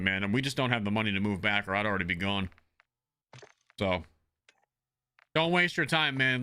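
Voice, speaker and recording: A man's voice: medium pitch, sharp tone, clean tone. A man originally from the Northeastern US chatting casually while streaming a game, blunt and profane and prone to rambling.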